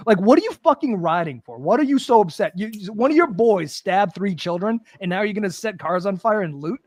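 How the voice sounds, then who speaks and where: A man's voice: high-pitched, animated, a little fast. A man co-hosting a casual podcast, ranting profanely and sarcastically. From United States. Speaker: podcast co-host.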